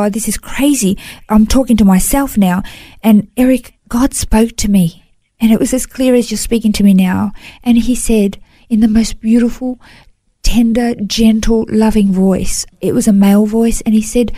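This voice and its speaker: A woman recounts her life in an interview, speaking earnestly and emotionally. Her voice is warm and mellow, recorded close and dry with no room sound, and she often stops to restart a phrase. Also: medium pitch, steady tone, moderate pace, no echo. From Australia. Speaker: interview guest. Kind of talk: personal testimony in a podcast interview.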